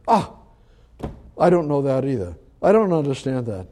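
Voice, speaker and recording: An older man preaching a conversational sermon, swinging between emphatic rises and quiet, low asides. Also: very animated, moderate pace, creaky. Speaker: pastor.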